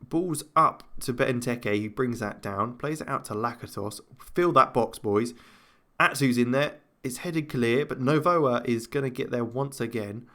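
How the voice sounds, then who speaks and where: A man casually commentating his own football management game, chatting to himself, laughing often and breaking into loud cheers. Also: medium pitch, a little slow. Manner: excitable, jumps to loud cheers at goals. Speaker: gaming commentator. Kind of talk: casual let's-play commentary.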